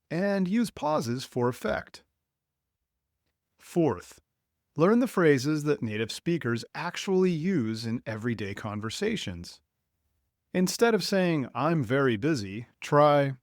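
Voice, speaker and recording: A man hosting a podcast episode, giving a clear, deliberate, scripted lesson to English learners. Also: medium pitch, no echo, clean studio sound. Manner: slow, clear, deliberate delivery. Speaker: podcast host and English teacher.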